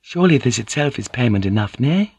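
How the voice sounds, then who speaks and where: A man's voice: mid-range voice, sing-song, brisk, darkish tone, husky, no room sound, pitched above the performer's own voice. A man voicing a polite, tactful young courtesan with a soothing, diplomatic manner. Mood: reassuring.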